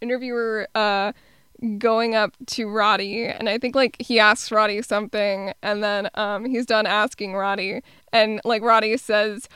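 A woman co-hosting a film podcast in an easy, unhurried way, often stopping on small ums. Her voice is bright and very crisp. The sound is dry and close, with no room around it. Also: a little high, dry recording. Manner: relaxed, hesitant with many ums. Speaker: podcast co-host. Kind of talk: casual film review chat.

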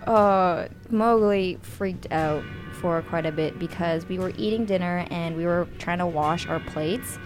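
A woman's voice: lowish voice, measured pace, few pauses, over music. A woman in a casual chat, talking hesitantly and laughing often.

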